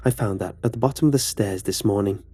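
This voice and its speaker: A man voicing a groggy, suspicious middle-aged mother in a horror story reading, raising his voice for her slow, sleepy questions. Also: fairly low pitch, dark tone, breathy edge, soft background music.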